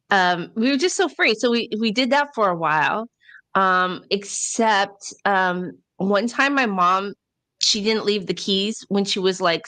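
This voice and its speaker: Bright-voiced woman telling a story. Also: mid-range voice. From Ontario, Canada. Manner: animated, laughing, acts out quotes. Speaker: podcast co-host. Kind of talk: casual storytelling.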